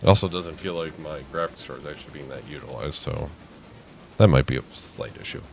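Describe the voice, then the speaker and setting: Tired man with a very low voice. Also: brisk, slight background noise. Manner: dry joking, rambling. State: tired, yawning. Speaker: streamer. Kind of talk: casual game stream chat. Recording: faint background music.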